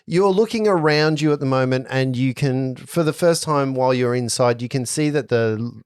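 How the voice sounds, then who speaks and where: A man narrating as game master of a tabletop game, playful and quick to laugh. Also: mid-range voice, clean tone, dry recording, clean studio sound.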